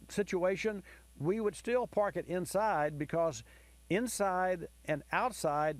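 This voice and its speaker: A man's voice: fairly high pitch, darkish tone, no room sound. A man hosting a call-in car-repair radio show, explaining diagnostics in a folksy, explanatory way to callers and listeners. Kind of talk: call-in advice talk.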